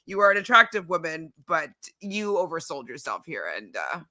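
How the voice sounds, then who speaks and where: A woman's voice: deep voice, very animated, normal speed, bright, forceful tone. A woman co-hosting a casual recap show, giving giggly commentary full of fillers.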